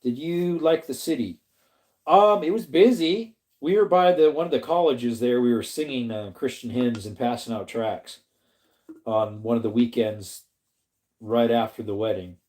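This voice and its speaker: A man's voice: mid-range voice, moderate pace, darkish tone. A middle-aged man from Arizona hosting a casual livestream, rambling and chatty as he reads viewers' comments, laughs often and greets them by name. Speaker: livestream host reading chat.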